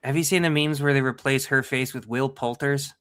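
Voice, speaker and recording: A man's voice: mid-range voice, steady tone, brisk, a bit bright, clear, resonant tone. A man co-hosting a podcast in casual chat, sarcastic and profane. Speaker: podcast co-host.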